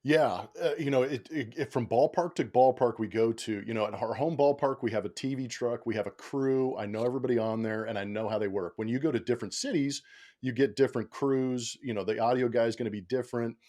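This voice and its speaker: Lively storytelling male sportscaster. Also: medium pitch, a little fast. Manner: animated storyteller, acts out quotes, laughs often. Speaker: baseball broadcaster, podcast guest. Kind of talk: casual interview storytelling.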